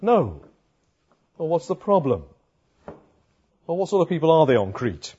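Preacher with a sore throat. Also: male voice, a little high, sing-song, a little slow, mellow, slightly rough. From London area, England. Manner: poses and answers rhetorical questions. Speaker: pastor. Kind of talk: sermon. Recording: dull lo-fi sound.

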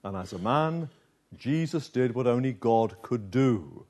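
A man preaching a sermon with a slow, dramatic delivery, pausing often and dropping low and soft for emphasis. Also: lively intonation.

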